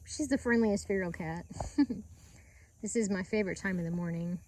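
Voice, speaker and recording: A middle-aged woman speaks into a handheld camera outdoors on a rural homestead. Her voice sits at an ordinary pitch, and her delivery is earnest and reflective, with a soft, heartfelt tone. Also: moderate pace, a little hiss or hum. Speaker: homesteading vlogger. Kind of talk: casual outdoor vlog talk.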